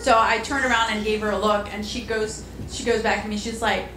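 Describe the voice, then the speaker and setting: A woman doing a stand-up comedy set on a club stage, chatty, with lots of "like" and deadpan punchlines. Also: mid-range voice, brisk, a little hiss or hum. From Alabama, USA. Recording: echoey club room. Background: audience laughter.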